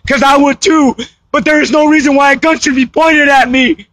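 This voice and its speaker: A frightened man on the verge of tears pleads over and over. His voice sits unusually high and comes out strained and tense, and he breaks into shouting at times. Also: steady tone, normal speed, dry recording. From United States. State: frightened and crying. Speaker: citizen confronted by police. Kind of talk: pleading confrontation.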